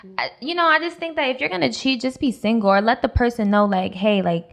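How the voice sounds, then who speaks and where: A young woman in her twenties, a podcast co-host, telling a personal story in casual chat, animated and laughing often. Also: fairly high pitch, fast, vocal fry. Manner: animated, voices other people, laughs often.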